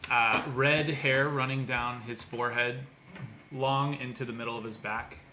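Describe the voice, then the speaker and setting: A man's voice: medium pitch, steady tone, a little slow, sharp tone, slight background noise, poor audio. A man, a player at a tabletop role-play game, talking casually and hesitantly, with many fillers. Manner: hesitant, filler-heavy describing.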